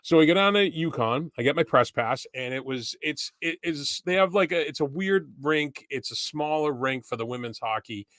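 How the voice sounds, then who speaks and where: A young man with a bright, forceful voice telling a rambling story on a hockey podcast. He talks in a loose, casual way and raises his voice when he acts out the people he quotes. The sound is dry and close, with no room around it. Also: fairly high pitch, animated, moderate pace, few pauses, no room sound. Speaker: podcast co-host.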